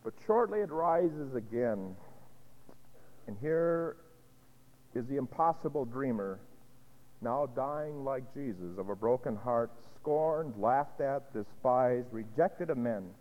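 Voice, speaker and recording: A male pastor preaching a sermon, telling a story dramatically with long pauses. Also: medium pitch, animated. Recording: dull echoey hall recording.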